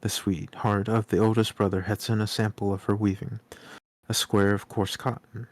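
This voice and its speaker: A man calmly reading a storybook aloud on a live stream. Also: lowish voice, normal speed, dry recording.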